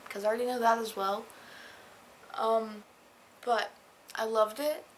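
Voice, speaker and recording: A woman vlogger gushes over a book in a relaxed, unhurried reaction chat. Her voice sits a little high, and she sometimes drops into quiet whispered asides. A faint hum of background noise sits under her voice. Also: low-quality recording. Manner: gushing and enthusiastic, with soft whispered asides. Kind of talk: casual reading-reaction chat.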